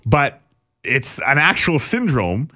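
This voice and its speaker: A man's voice: mid-range voice, sing-song, slow, sharp tone. A man hosting a radio show, telling a story in a chatty way with many "you know"s. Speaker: radio host. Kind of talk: casual talk radio storytelling.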